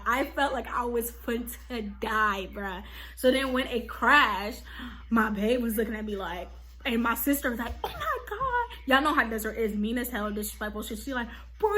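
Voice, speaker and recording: A young woman vlogger telling a casual storytime, animated and slangy, full of "like" and "okay?". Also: a little high.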